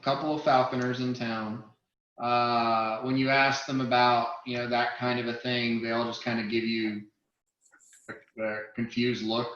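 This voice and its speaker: A man's voice: medium pitch, a bit bright. A man running a tabletop game as game master, hesitant, with many ums and uhs. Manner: hesitant, lots of uh and um. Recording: roomy, dull lo-fi sound.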